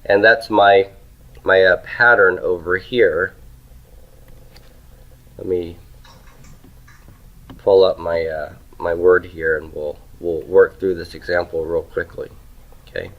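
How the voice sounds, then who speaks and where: A man's voice: low-pitched, fairly even intonation, slow, long pauses, narrow, tinny audio. A man teaching Hebrew grammar in a classroom lecture, asking questions and answering them himself.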